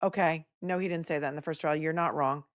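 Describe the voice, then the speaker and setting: Low-voiced sarcastic woman commentator. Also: quick pace, no echo, studio quality. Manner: sarcastic, animated asides. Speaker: attorney commentator hosting a livestream. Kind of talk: live trial commentary.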